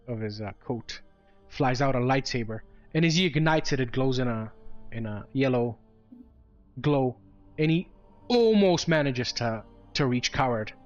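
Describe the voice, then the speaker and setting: Halting male game master, lo-fi. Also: medium pitch. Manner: halting, with many fillers and restarts. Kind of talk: narrating a tabletop game.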